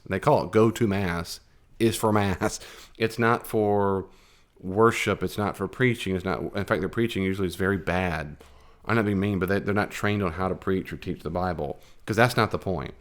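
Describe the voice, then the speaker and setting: Man giving a rambling Bible lesson. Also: on the low side. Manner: conversational and digressive, with emphatic asides. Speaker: Bible teacher.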